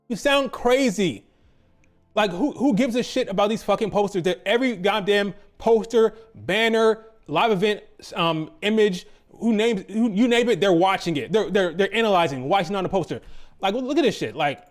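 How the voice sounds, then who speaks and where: High-voiced man in a profane rant. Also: lively intonation, a little fast, soft background music. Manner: profane, exasperated ranting with sarcastic mock quotes. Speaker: wrestling commentator. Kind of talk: ranting commentary.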